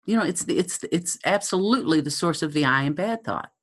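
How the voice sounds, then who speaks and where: A woman giving a thoughtful teaching talk, halting often with ums. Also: deep voice, expressive.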